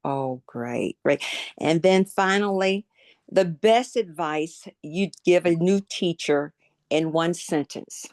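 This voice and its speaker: A woman hosts a podcast and runs through a speed round of questions with upbeat encouragement. Her voice sits a little low, and the recording is dry and close. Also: slow pace, darkish tone, no room sound. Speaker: podcast host. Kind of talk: casual podcast interview.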